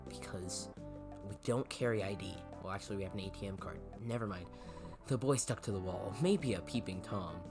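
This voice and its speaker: A man hosting a let's-play, chatting casually with wry asides as he plays. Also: on the low side. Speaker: gaming channel host. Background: game music.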